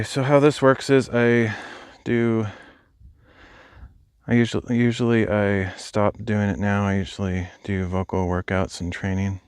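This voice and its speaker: A man's voice: lowish voice, smooth, dry recording, clean studio sound. A young adult man live streaming while hiking outdoors, chatting casually and thinking aloud as he answers viewers. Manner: rambling, thinking aloud, replies to chat. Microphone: phone.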